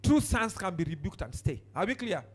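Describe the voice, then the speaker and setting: High, lively preacher. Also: male voice, a little fast. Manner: preaching with sudden shouted outbursts and quiet asides; calls on the congregation to turn to a neighbor. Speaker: pastor. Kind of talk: sermon.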